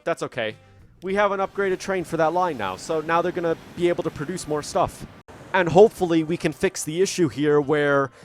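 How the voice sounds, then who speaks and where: A chatty gaming channel host with a fairly high voice gives casual commentary over game music, speaking into a desk microphone at his computer. He's self-mocking and thinks aloud, often restarting his sentences.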